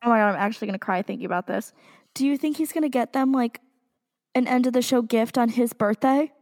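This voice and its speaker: A young woman co-hosting a casual fan podcast, excitable and quick to swear, with dramatic groans. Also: on the high side, big-room sound. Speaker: podcast co-host.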